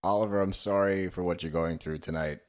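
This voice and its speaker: A man's voice: sits low, fairly even intonation, a little fast. A man co-hosting a podcast, giving strong opinions on a reality show in casual chat, with swearing. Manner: opinionated, swears, acts out quoted lines. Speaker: podcast co-host.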